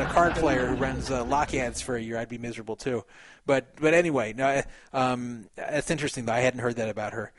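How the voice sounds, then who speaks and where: A man's voice: mid-range voice, a little fast, slight background noise. A man on a podcast who reads a written account aloud and comments on it in casual chat, with fillers and a few laughs.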